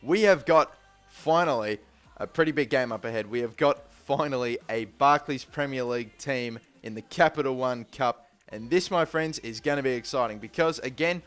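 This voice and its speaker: A young man giving casual, rambling let's-play commentary on a football video game, getting excited during the action. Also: medium pitch, moderate pace, faint music behind. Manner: rambling, repeats "but still" and "to be completely honest"; gets excited calling match action. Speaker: gaming YouTuber.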